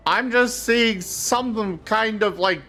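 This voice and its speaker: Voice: medium pitch, takes it slowly, sharp tone, soft background music. A streamer chatting and joking with friends while playing a strategy game. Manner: joking, reactive. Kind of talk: casual gaming chat.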